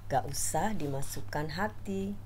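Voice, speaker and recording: A woman who is a language teacher, reading sentence drills slowly and deliberately, repeating each line. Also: deep voice, darkish tone, a little hiss or hum.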